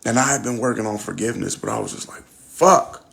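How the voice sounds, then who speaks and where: A man's voice: on the low side, racing, creaky, a bit bright. A young man hosting a podcast, telling a personal story casually, with candid, reflective talk and plenty of swearing. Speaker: podcast host.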